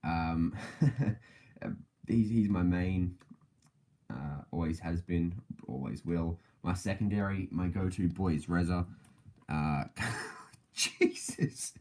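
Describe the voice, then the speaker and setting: Low, dark-voiced man rambling casually. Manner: rambling, halting, many fillers and self-corrections; laughs often between thoughts. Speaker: podcast host. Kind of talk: casual livestream chat.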